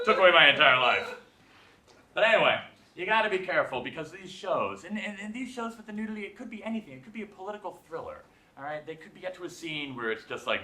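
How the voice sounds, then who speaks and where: Animated man hosting a live comedy show. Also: on the high side, a little fast. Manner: self-deprecating, animated, acts out voices. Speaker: late-night show host. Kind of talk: stand-up monologue. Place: live theater with audience. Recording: echoey live theater.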